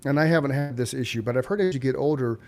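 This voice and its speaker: A man in his fifties co-hosting a casual talk show, joking and candid in an excitable way. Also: mid-range voice, quick pace. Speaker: co-host. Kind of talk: casual chat.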